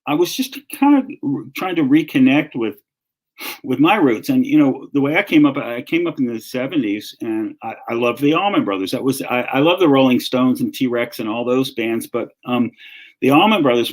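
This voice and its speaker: A man's voice: medium pitch, expressive, moderate pace, rough recording. An older man with a Southern drawl, talking casually as a guest in an interview. He rambles from one memory to the next, circling back with fillers and restarts. His voice sits in an ordinary middle range. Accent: Southern American. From North Carolina. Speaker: guest author and critic.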